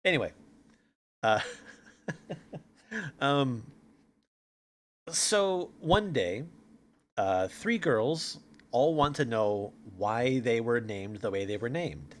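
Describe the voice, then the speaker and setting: A man's voice: medium pitch, lively intonation, extremely slow, pauses often. Playful man streaming a game. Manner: playful, joking, laughs often. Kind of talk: casual game playthrough.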